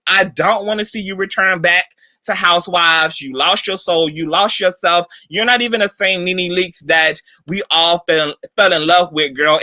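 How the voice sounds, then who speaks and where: Male gossip host, high and bright, sassy and profane, swoopy delivery, dry close mic. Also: dry recording. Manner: sassy, profane, keeps calling the listener girl and honey; animated swoops in pitch. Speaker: commentary channel host. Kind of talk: celebrity gossip commentary.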